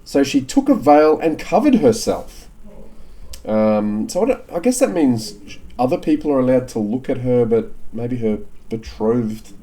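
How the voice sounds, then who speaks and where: A man co-hosting a casual podcast, reading passages aloud and then riffing on them with swearing and laughter. His pitch swings widely as he talks, and his delivery stays loose and playful. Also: very animated, unhurried, mellow. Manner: laughs often, swears, jokey asides. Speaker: podcast co-host reading scripture.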